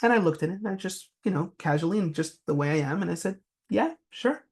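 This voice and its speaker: A man's voice: fairly high pitch, fast. Man telling a story in a business talk. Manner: anecdotal storytelling with fillers. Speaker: presenter.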